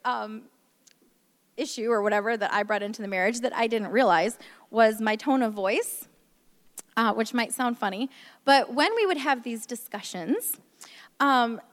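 A woman with a highish voice speaks at a normal speed with long pauses, candidly and self-deprecatingly sharing a testimony about her marriage at a church gathering, using many fillers. A large hall gives the audio long reverb.

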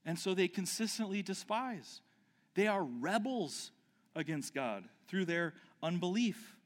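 A man's voice: sits high, expressive, unhurried. A man preaching an expository sermon, emphatic, with rhetorical questions and frequent restarts. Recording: long hall reverb.

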